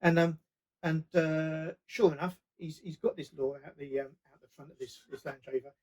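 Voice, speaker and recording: A man telling casual, animated stories as a podcast guest. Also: fairly high pitch, moderate pace, low-quality recording. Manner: lively, animated anecdote-telling. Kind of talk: casual storytelling.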